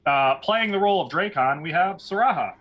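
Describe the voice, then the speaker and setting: A man hosting a tabletop game night, trading jokes with his players. His voice is bright and crisp and swings widely in pitch as he teases. He keeps the banter casual and playful. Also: a little fast. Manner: lively, joking. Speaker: game master and host.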